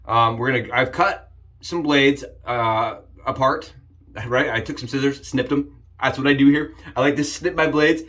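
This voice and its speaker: A man hosting a casual shaving vlog, upbeat and jokey, rambling with frequent restarts and sudden excited jumps in pitch. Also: normal speed. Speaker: shaving channel host. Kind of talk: casual shave demonstration vlog.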